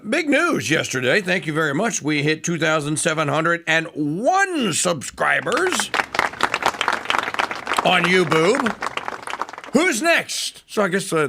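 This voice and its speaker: A man hosting a morning radio and TV talk show, chatting and plugging memberships in an animated way. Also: a little high, background noise.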